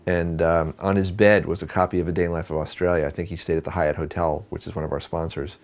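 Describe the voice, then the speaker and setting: A photographer telling a story in an interview, speaking conversationally with fillers and restarts. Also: male voice, low voice, quick pace. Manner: animated, acts out quoted dialogue. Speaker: photographer and book producer.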